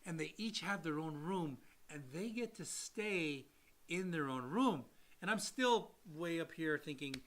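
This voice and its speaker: Bright, animated man telling a story. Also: fairly high pitch, a little slow. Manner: animated storyteller who acts out quotes and drops to near-whispers. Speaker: loan officer, podcast co-host. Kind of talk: storytelling on a podcast.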